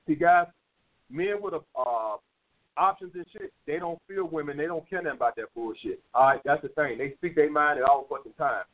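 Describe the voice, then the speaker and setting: A man's voice: fairly high pitch, fairly quick. A man hosting a call-in dating advice show, lecturing bluntly with lots of profanity and repetition. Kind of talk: call-in radio advice talk. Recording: phone-like lo-fi radio sound.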